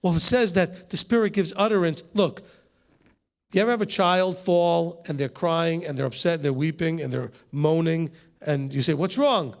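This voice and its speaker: A rabbi with a slightly high voice leads a conversational Bible teaching session with a group at normal speed. He talks straight to the room, poses rhetorical questions and tosses in teasing asides.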